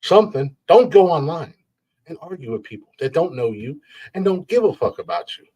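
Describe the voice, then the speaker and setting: A man's voice: on the high side, big pitch swings, fairly quick, mellow, breathy edge, dull audio. Rambling, profane man ranting. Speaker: podcast host. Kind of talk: rambling podcast rant.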